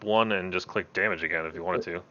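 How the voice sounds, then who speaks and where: A man's voice: low-pitched, fairly even intonation, quick pace, bright, forceful tone. A man running a tabletop game as game master, reading rules aloud with hesitant fillers over an online call. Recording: dull lo-fi call audio.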